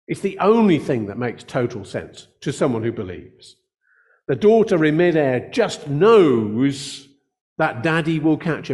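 An older male pastor preaching an earnest sermon from the pulpit. He speaks at an easy, conversational pace and slows down deliberately to lean on the words that matter. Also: a little high, a little mellow.

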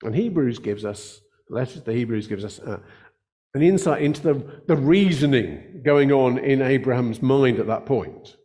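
This older pastor's voice is medium-pitched, expressive and dark as he gives a heartfelt sermon from the pulpit. He talks at an easy, conversational rate and deliberately slows down to weigh the important words.

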